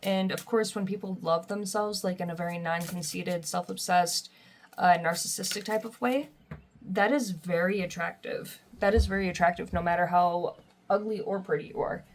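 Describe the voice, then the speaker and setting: A young woman giving a casual tarot reading, chatty and quick to laugh as she reads the card messages aloud. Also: on the low side, fairly even intonation, slight background noise. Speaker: tarot reader.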